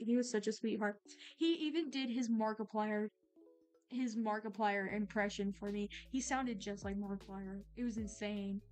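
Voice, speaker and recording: A young adult woman chatting casually while she draws on stream, excitable and gushing, rambling with lots of fillers. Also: medium pitch, smooth. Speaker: art streamer. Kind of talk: casual chat while drawing.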